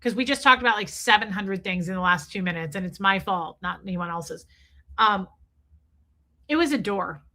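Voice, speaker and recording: A woman in her thirties chats with her live viewers in a bright, forceful voice. She rambles from topic to topic, reads out comments and throws in the odd swear. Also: medium pitch, lively intonation, moderate pace. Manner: rambling, chatty, swears, mimics movie lines. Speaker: livestream host reading chat. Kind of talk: casual chat with live viewers.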